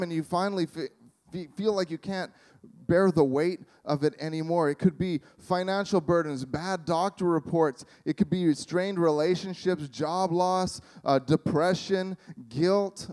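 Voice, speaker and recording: A man preaching a sermon in a conversational, halting way, with sarcastic humor. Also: high-pitched, darkish tone. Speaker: pastor.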